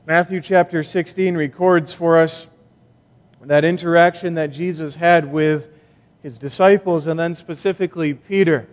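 A male pastor preaching a sermon in a slow, emphatic way with long pauses, in a church sanctuary. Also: a little high, fairly even intonation, in a large hall.

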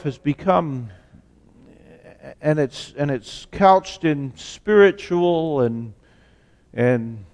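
A man preaching a sermon as pastor, slow and deliberate, asking rhetorical questions. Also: on the high side, darkish tone. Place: church sanctuary. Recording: long church reverb.

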